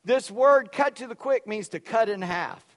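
A man preaching a sermon, loud and emphatic, dropping suddenly to quiet for effect. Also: very high-pitched, animated, moderate pace, long reverb tail. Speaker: pastor.

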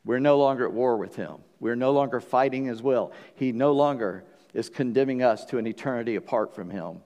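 A man preaching a sermon as pastor, earnest, swinging between loud emphasis and hushed passages. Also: medium pitch, brisk, dull audio. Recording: long reverb of a church hall.

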